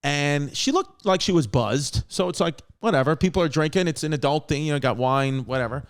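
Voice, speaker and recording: A man in his thirties hosting a podcast, telling a story in a rambling, animated way with frequent restarts and swearing. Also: a little high, brisk. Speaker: podcast host. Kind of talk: casual storytelling.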